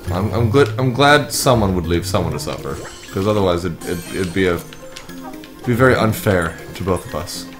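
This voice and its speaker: A man casually commentating a co-op video game, excitable and joking, with sudden shouts. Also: fairly low pitch. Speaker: gameplay commentator. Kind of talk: casual co-op let's play chat.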